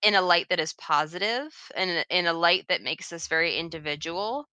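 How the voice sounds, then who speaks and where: Earnest woman, game runner type; crisp, dry, close. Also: lowish voice, a little fast, pushed and bright, no echo. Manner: earnest, careful explanations. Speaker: dungeon master. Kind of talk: casual group chat.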